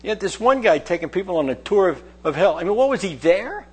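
A man's voice: sits high, fast, few pauses, slightly rough. A man preaching a sermon, reading scripture aloud and then explaining it in chatty, joking asides. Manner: animated, jokes and laughs with listeners. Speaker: pastor.

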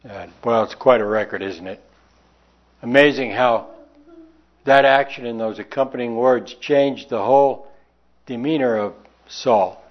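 A man's voice: mid-range voice, unhurried, pauses often. Emphatic man preaching, lo-fi. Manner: emphatic rhetorical questions, reading old scripture aloud. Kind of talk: sermon with scripture reading. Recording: dull lo-fi sound.

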